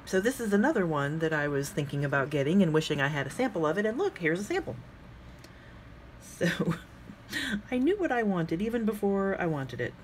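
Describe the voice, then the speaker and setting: Brief: woman ink vlogger, lower-pitched voice, chatty and rambling, talks to herself over desk work, faint room ambience behind. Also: big pitch swings, normal speed, slight background noise. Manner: chatty, musing aloud, thinks out loud with frequent fillers; talks to herself while working with her hands. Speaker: fountain pen ink vlogger. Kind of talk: casual chat while swatching inks.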